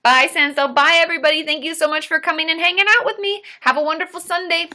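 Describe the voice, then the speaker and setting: A woman's voice: very high voice, fairly even intonation, quick pace, bright, forceful tone. A woman therapist hosting a casual live Q&A stream, chatty and giggly as she reads viewer comments aloud.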